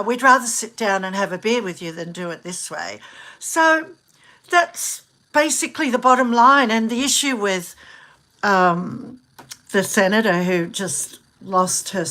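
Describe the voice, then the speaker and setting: Chatty middle-aged woman from australia, bright sharp voice, rambles and laughs a lot. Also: a little high. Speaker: vlogger. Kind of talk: casual chat.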